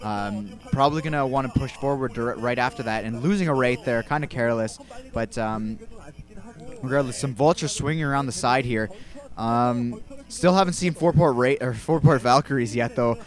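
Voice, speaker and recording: A young man casting a video game match in an easygoing, rambling way. He often backtracks and corrects himself mid-sentence. His voice sits at an ordinary middle pitch. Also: normal speed. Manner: rambling, relaxed, self-correcting. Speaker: amateur esports caster. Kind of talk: casual play-by-play game commentary.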